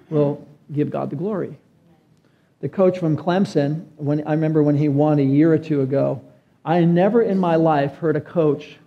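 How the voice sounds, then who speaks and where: A man's voice: on the high side, gravelly, highs cut off. A man preaching a sermon as pastor, earnest and emphatic, his voice climbing on key phrases.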